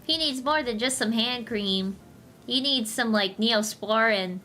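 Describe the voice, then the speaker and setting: A woman's voice: on the high side, unhurried, sharp tone, slight background noise. A woman streamer reading comics aloud on a casual livestream, tossing in joking asides and giggles.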